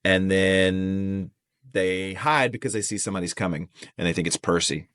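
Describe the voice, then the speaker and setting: A man co-hosting a podcast, calmly retelling a chapter's events in casual chat. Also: low-pitched, moderate pace, clear, resonant tone, dry recording, studio quality. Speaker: podcast co-host.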